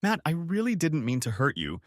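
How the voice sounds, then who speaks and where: A tearful wife begs softly for understanding in a storybook reading, as a male narrator gives her lines. The delivery is dry and close, with a lively rise and fall in pitch. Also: fairly quick, dry recording. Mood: pleading. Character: tearful pleading wife, adult woman.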